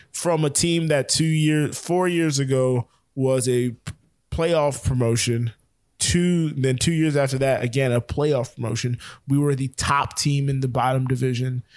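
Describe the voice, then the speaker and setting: Fast-rambling man on a sports podcast. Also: mid-range voice, a little mellow, no echo, clean studio sound. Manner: rambling, self-correcting, fast-talking. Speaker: podcast co-host. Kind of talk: casual sports chat.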